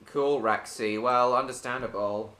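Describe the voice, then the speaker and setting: A man's voice: mid-range voice, steady tone, measured pace, pushed and bright, echoey room. A man chatting casually on a live stream while gaming, answering viewers by name with many hesitant ums.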